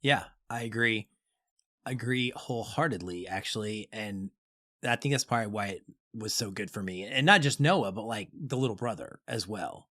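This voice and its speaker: A man's voice: fairly low pitch, normal speed, pushed and bright. A man co-hosting a film podcast, talking casually and enthusiastically. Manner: enthusiastic, conversational. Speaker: podcast co-host. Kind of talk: casual film review chat.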